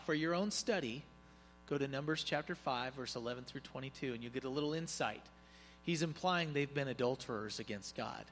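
Animated preaching man in a reverberant hall. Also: fairly high pitch. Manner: animated, joking asides to the congregation. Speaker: pastor. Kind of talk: conversational sermon. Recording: long reverb, faint music behind.

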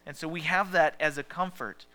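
This pastor's sermon comes at normal speed in a slightly high, steady voice. He talks with the audience conversationally, asks them questions, and often lowers to a soft hush.

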